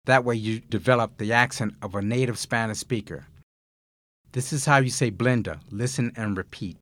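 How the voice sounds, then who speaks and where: A man hosting a recorded language course, explaining grammar mistakes and giving listen-and-repeat prompts in a measured, clearly enunciated way. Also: mid-range voice, a bit bright, no room sound. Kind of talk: scripted Spanish lesson narration.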